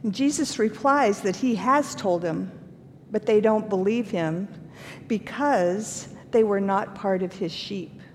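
A woman giving a recorded Bible lesson in an earnest way, asking her listeners questions. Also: slow pace. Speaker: Bible teacher. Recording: reverberant room with faint rumble.

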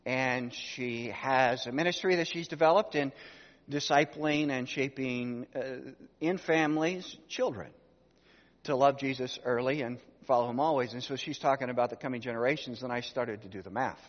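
The recording sounds dull, with a long hall reverb, as a man in his sixties delivers a sermon built around a family story and rhetorical questions for his listeners. His voice is mid-range and moderately paced.

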